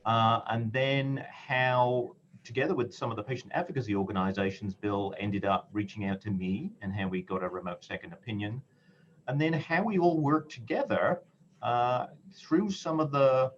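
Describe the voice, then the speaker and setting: A man, an oncologist, moderating a medical panel in a measured way with frequent pauses. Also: medium pitch. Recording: dull lo-fi audio with faint noise.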